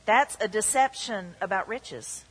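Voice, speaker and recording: A woman's voice: medium pitch, measured pace, husky. A woman pastor preaching a sermon with emphatic delivery, acting out the tempter's voice in quotes. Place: church hall. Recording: long reverb of a church hall.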